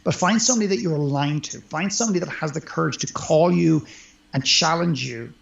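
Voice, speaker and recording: A life coach appears as an interview guest, speaking earnestly and emphatically in conversation. His voice is fairly high and creaky with a brisk pace, captured in a roomy, dull lo-fi recording.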